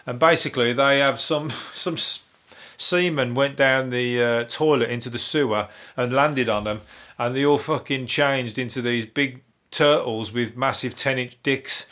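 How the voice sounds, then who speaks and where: A man with a broad Brummie accent talks alone into his new podcast microphone. He rambles from topic to topic, swearing freely and chuckling at his own crude jokes. His voice sits at an ordinary middle pitch. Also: fairly bright tone. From Birmingham, England. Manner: swearing, chatty, laughing asides. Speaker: solo podcast host.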